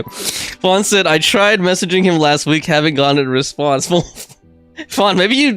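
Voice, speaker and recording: A man's voice: high-pitched, fairly bright tone. A young man livestreaming a game, chatting casually, rambling through restarts and laughing often.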